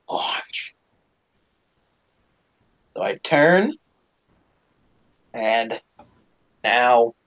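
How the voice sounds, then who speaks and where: Hosting a live stream, a man tells stories to his fans in an animated, profane way, full of fillers. His voice sits fairly high for a man, and the audio is slightly dull and lo-fi.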